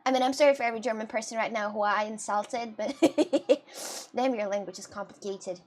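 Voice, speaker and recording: A woman's voice: a little high, brisk. A young woman with a Russian and British mixed accent, chatting casually with her live-stream chat and laughing often.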